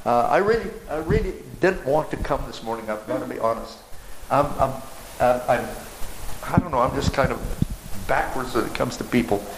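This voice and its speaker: An older man, a missionary pastor, telling a testimony story in a rambling, halting way with many restarts. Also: medium pitch, animated, slight background noise, rough recording.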